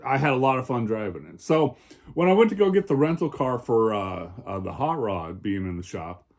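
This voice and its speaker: A man's voice: medium pitch, lively intonation, normal speed, darkish tone. A man vlogger ranting about bad drivers, profane, heated and sarcastic, from the American Northwest. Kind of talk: angry personal rant. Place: home in Oregon.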